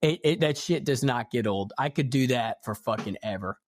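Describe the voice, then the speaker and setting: A man's voice: mid-range voice, lively intonation, moderate pace. A young man hosting a casual podcast, talking bluntly and swearing freely. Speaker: podcast host. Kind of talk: casual chat.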